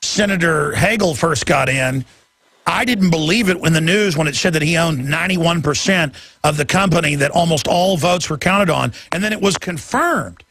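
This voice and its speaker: A man's voice: on the high side, moderate pace, fairly bright tone. A man hosting a talk radio show, delivering heated, emphatic commentary.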